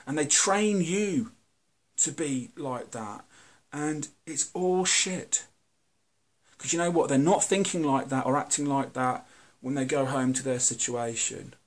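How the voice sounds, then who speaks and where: Earnest British man, halting. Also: a little high. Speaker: video host. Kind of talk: candid monologue to camera.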